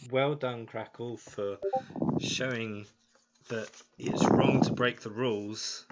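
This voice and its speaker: A man playing a tabletop game, speaking quietly in a hesitant mumble. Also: mid-range voice, steady tone, takes it slowly. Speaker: player. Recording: dull lo-fi mic with loud noise.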